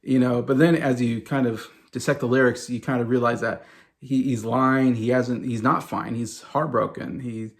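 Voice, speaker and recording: Gravelly enthusiastic male music vlogger. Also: medium pitch, fairly even intonation, moderate pace. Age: around 40. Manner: enthusiastic, rambling, many fillers and restarts. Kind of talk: casual talk to camera.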